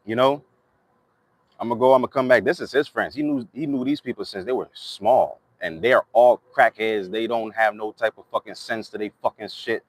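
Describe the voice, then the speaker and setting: A man's voice: lowish voice, moderate pace, few pauses. A young man who makes music, talking in a candid, rambling monologue that is raw, emotional and full of swearing. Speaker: music artist.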